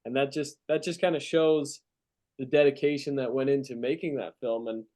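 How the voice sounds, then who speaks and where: A man co-hosting a podcast, chatting casually in a thoughtful, measured way. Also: mid-range voice, steady tone, a little mellow. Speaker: podcast co-host. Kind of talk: casual review chat.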